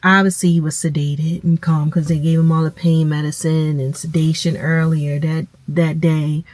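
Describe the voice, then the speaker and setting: A woman, tearfully telling viewers a personal story, halting and calling them y'all. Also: deep voice, level tone, a little mellow, no echo. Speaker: vlogger. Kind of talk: emotional personal storytelling to camera.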